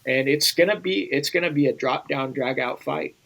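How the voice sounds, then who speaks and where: A man's voice: a little high, normal speed, creaky, fairly bright tone, poor audio. A man speaking as an interview guest in an urgent, emphatic way, often repeating phrases. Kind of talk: earnest interview conversation.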